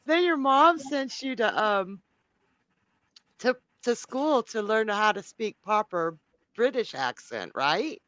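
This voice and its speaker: A woman co-hosts a live stream in a lively, giggly way, reading viewer comments aloud. Her voice is bright and bouncy, with a wide swing in pitch, unhurried delivery and a dry, close sound. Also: dry recording. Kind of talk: casual live-stream chat.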